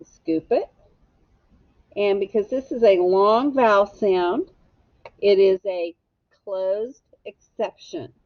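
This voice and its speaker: A woman's voice: mid-range voice, takes it slowly, pauses often, dry recording, highs cut off. A woman teacher giving a phonics lesson to young children, patiently sounding out and spelling each word.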